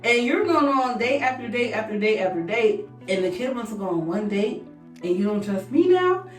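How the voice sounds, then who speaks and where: A woman's voice: on the high side, expressive, moderate pace. A young woman, chatting animatedly with viewers while she does her makeup in a storytime vlog. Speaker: beauty vlogger. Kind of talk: casual storytime chat while doing makeup. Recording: echoey room, voice a bit distant. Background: faint background music.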